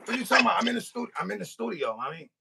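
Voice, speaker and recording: Gravelly, lively-voiced man telling a comic story. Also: high-pitched, racing, heavy background noise. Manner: animated, acting out both sides of phone calls. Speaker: podcast host. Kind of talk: comedic storytelling rant. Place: recording studio.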